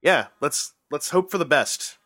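A man's voice: on the high side, animated, a little slow, fairly bright tone, dry recording, studio quality. A man hosting a podcast in casual chat, joking and teasing his co-host in a showman-like way.

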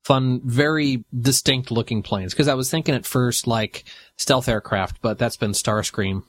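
A man co-hosting a podcast in casual chat, rambling and halting with lots of fillers. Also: mid-range voice. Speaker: podcast co-host.

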